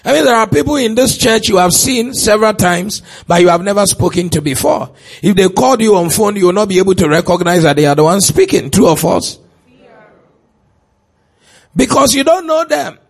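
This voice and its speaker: A man preaching a sermon in a church, stretching out shouted lines for emphasis and putting questions to the congregation. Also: sits high, lively intonation, fairly quick, vocal fry, slightly rough.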